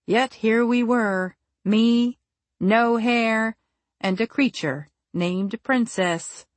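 A woman narrating a first-person story for an audiobook in a measured, wry and deliberate way, close on the mic. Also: on the high side, dry recording.

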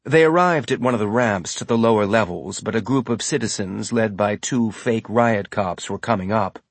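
A man giving measured, scripted audiobook narration. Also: lowish voice, dry recording.

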